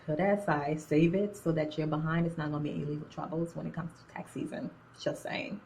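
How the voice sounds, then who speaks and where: A young woman in nursing school telling a story in a casual, animated, slangy way, drifting in and out of an accent. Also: low-pitched, a little fast, gravelly, a little hiss or hum, rough recording. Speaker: nursing student. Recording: phone-recorded video.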